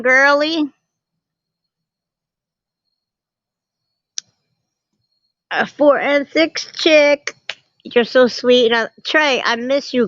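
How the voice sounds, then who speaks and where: A woman hosting a casual livestream from a family home, chatty and animated as she greets viewers by name and talks to her chat. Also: medium pitch, dry recording. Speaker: livestream host. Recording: muffled lo-fi phone audio.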